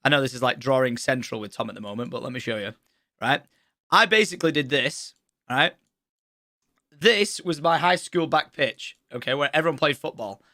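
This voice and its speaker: A mid-range voice at a moderate pace, recorded cleanly in studio quality with no echo. The young man streams from his home setup, swearing freely as he energetically acts out a story about school, doing the teacher's shouting himself.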